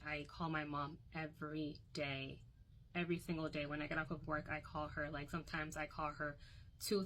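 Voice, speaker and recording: A woman's voice: deep voice, creaky, fairly bright tone, poor audio. A young woman recounting a painful personal story to her phone, candid and emotional, often quoting others.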